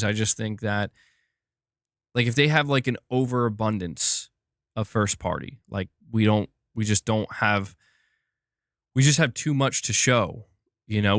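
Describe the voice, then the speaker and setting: A lowish, slightly bright male voice, studio quality and free of echo. The young man chats casually on a gaming news stream, reading out viewer comments while rambling, saying "like" a lot and restarting his sentences.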